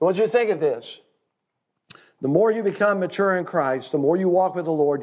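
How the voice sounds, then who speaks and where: A man's voice: a little high, darkish tone. A man teaching a church class in a sermon style, folksy and emphatic, calling his listeners friend.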